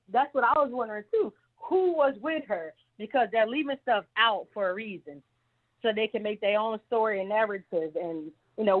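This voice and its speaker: A woman calling in to a talk show, giving her opinion in a rambling, opinionated way. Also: mid-range voice. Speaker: caller. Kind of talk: call-in opinion. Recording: tinny phone line.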